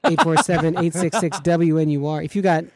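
Upbeat radio host, man with a higher voice. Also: fairly even intonation, brisk, noisy background. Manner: upbeat, hyped-up banter. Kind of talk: college radio talk show. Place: radio studio.

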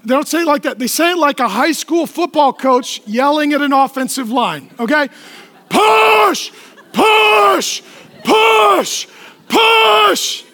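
High-voiced joking male pastor. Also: brisk, hardly any pauses, in a large hall. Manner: animated, joking storyteller who asks the crowd questions. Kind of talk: humorous sermon.

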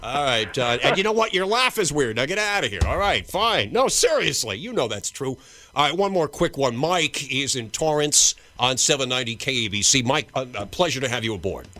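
A man's voice: mid-range voice, very animated, brisk, bright, forceful tone. A man hosting a talk radio call-in show, joking and needling his callers.

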